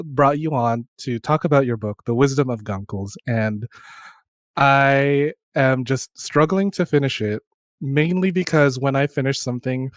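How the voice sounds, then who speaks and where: A man's voice: mid-range voice, clean tone, no echo, clean studio sound. Campy, joking male podcast host. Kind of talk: casual podcast chat.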